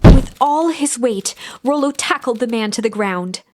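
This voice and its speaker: A woman narrating the story text of a game, in a storybook style, with a hushed delivery in tense passages. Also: a little high, expressive, measured pace.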